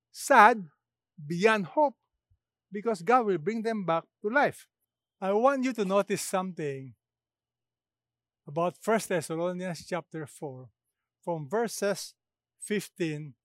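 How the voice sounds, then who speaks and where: A man's voice: high-pitched, no echo, studio quality. A man preaching a sermon, emphatic and asking the listeners rhetorical questions.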